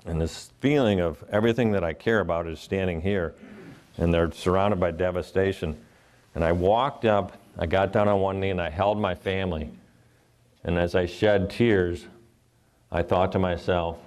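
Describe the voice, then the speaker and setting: Middle-aged male keynote speaker, low register, earnest storyteller who acts out the voices in his stories. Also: fairly even intonation, normal speed, a little mellow. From Ohio. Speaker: motivational speaker.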